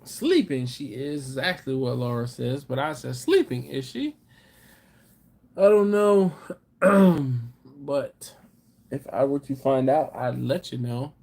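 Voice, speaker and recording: Slow, laid-back man chatting on a live stream. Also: medium pitch, creaky, darkish tone. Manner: laid-back, chuckling, chatty asides to viewers. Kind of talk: casual live chat reading viewer comments.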